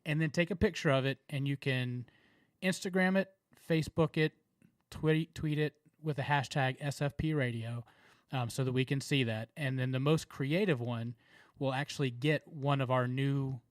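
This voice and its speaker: A man's voice: medium pitch, moderate pace, no echo. Southern guy cohosting a podcast, rambly and laughing, dry close sound. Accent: Southern American. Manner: laughing, rambling, filler-heavy. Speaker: podcast co-host. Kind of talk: casual chat.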